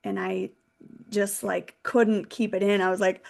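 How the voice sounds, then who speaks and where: Gravelly-voiced woman telling her story. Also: medium pitch, moderate pace. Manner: candid, animated storyteller with laughs. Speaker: guest, financial consultant. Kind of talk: casual storytelling interview.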